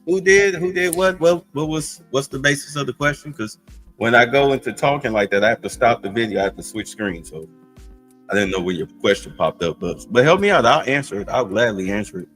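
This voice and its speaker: A man's voice: medium pitch, lively intonation, fairly quick, a bit bright, soft background music. A man hosting a casual live stream, reacting to a clip with heavy sarcasm and mocking hums. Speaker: streamer host.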